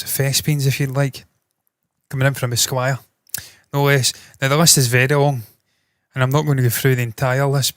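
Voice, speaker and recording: A man's voice: medium pitch, fairly bright tone, no echo, clean studio sound. Blunt, swearing man with a lilt. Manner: blunt, swears freely, opinionated. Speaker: entertainment news host. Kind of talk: casual opinion commentary.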